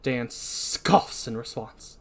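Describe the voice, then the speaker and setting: A man hosting a podcast, recapping a movie scene by scene with animated storytelling and self-deprecating asides. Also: medium pitch, takes it slowly. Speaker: podcast host.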